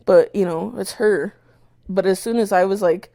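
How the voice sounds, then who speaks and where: A woman's voice: medium pitch, a little fast, no room sound, clean studio sound. Young woman telling a wild story. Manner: animated retelling, swears a lot, acts out her own shouts. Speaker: podcast co-host. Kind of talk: casual storytelling chat.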